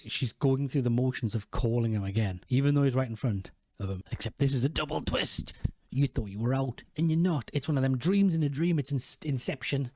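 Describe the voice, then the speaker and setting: A man's voice: medium pitch, dark tone, dry recording, studio quality. A man recapping a TV episode in casual, rambling commentary, swearing and correcting himself as he goes. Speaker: video host.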